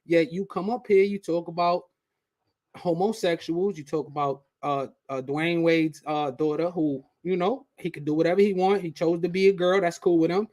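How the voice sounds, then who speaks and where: A man hosting a casual live reaction stream, talking to his chat in a slangy, relaxed way. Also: fairly high pitch, normal speed, no echo, studio quality. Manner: slangy, talks straight to chat. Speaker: channel host.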